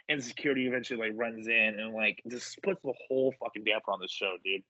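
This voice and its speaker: A man's voice: lowish voice, steady tone, fast, few pauses, bright, forceful tone, no echo, dull audio. A man telling wrestling stories in casual chat, swearing freely and acting out what people said. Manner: profane, acts out voices in quotes. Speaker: wrestler guest.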